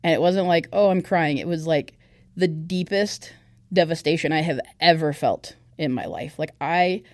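This podcast guest is a young woman with a low voice, talking at a normal speed about her own experience. It's a frank, chatty testimony full of fillers, captured at studio quality with no room sound.

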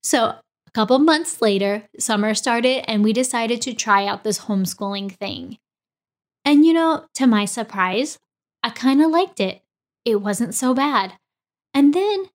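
A woman in her forties, a podcast host, telling a personal story and acting out the dialogue with energy. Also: on the high side. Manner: animated, acts out quoted dialogue.

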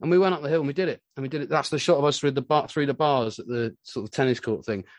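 A man in his forties, a musician being interviewed, telling stories in a rambling, animated way with lots of filler words. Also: medium pitch, racing, no echo. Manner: rambling, animated storytelling full of "you know". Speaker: musician guest. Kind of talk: casual interview chat.

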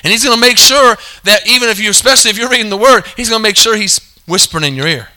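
A man's voice: sits high, racing, pushed and bright. A man preaching a sermon, calling for amens, repeating his points and correcting himself mid-sentence. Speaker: pastor.

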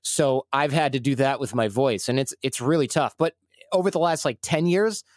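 A man's voice: medium pitch, normal speed, no room sound. Candid self-deprecating man, dry sound. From Michigan, USA. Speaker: guest. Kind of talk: casual conversational storytelling.

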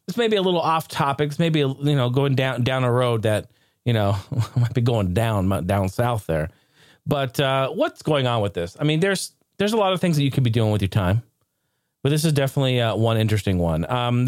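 A man hosting a casual live stream, excitable and ranting one moment, joking the next. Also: a little high, no room sound, clean studio sound. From United States. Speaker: streamer and show host.

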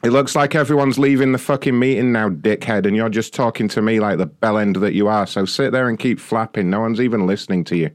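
A man's voice: fairly low pitch, fairly even intonation, fast talker, few pauses. A man hosting a prank call show, mocking and swearing at callers. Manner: sneering, profane, mocking. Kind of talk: abusive prank call banter.

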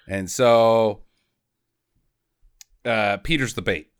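A man casually recapping a movie with a co-host, animated, swearing and mock-quoting the characters. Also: on the high side, unhurried, smooth. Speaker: podcast co-host.

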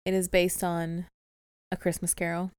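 A woman of about thirty co-hosting a podcast in casual chat, relaxed and playful, tired and yawning. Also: fairly low pitch, moderate pace, clear, resonant tone, no room sound. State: sleepy, yawning. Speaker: podcast co-host.

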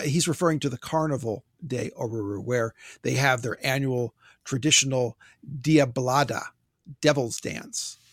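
Male podcast host, mid pitch, dry close sound, wry and wordy, trips on words. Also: no room sound. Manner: wordy, stumbles over pronunciations, wry. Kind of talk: casual book discussion, reading listener notes.

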